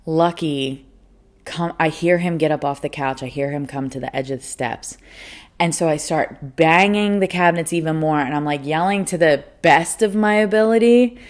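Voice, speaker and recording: A young woman hosting a podcast, telling a personal story in a casual, animated way, laughing often and swearing freely. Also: low-pitched, normal speed. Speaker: podcast host.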